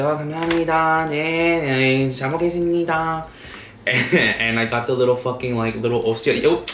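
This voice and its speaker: A young man tells a story to his camera in a loose, animated way, swearing freely and acting out what everyone said. His voice is mid-pitched and carries an echoey room sound with faint background noise. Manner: animated, profane storytelling with acted-out quotes. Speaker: vlogger. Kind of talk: casual storytime vlog.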